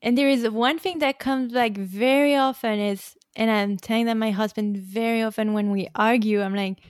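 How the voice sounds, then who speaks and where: A French woman in her thirties with a French accent, hosting a casual podcast chat and switching between French and English, chatty and quick to laugh. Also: on the high side, steady tone, clear, resonant tone. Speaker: podcast host.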